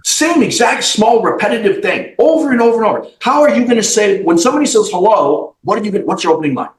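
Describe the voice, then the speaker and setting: A high-voiced man talks in big, lively swoops, pressing each point bluntly and swearing now and then. He is a company CEO sitting as a guest on a podcast interview. The room around him rings with a noticeable echo. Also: fast. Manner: emphatic, blunt motivational talk with profanity.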